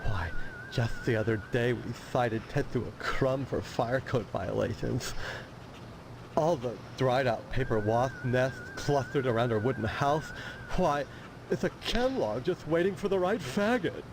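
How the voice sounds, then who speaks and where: A haughty fire chief who fancies himself an artist in a video game, lecturing with a lofty, theatrical air. His voice swoops widely up and down as he holds forth. The game audio carries a steady hiss of noise. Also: mid-range voice, a little slow. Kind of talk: full-motion video game acting.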